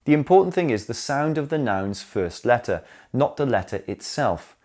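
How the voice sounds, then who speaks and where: A man narrating a scripted English grammar lesson, explaining slowly and clearly and speaking his examples aloud. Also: medium pitch, very animated, darkish tone. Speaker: English teacher.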